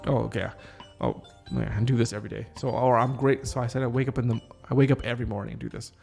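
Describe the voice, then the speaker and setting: A man with a gravelly edge to his voice rehearses a script alone, trying out each line and pausing to question and reword it. His pitch sits in an ordinary middle range. A little music plays faintly behind him. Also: fairly even intonation, a little mellow. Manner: reads lines aloud, stops to rethink and reword. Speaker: podcast host. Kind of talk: casual solo script rehearsal.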